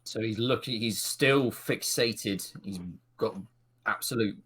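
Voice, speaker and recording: A man's voice: fairly low pitch, slow pace, a bit bright, breathy edge. A man narrating as game master of a tabletop role-playing game, describing scenes with some hesitation.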